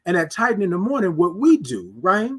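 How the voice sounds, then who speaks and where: High-voiced man hosting a morning livestream. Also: husky. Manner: animated, drawn-out greetings, preacher-like repetition. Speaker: livestream morning show host. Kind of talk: casual live-stream chat reading comments.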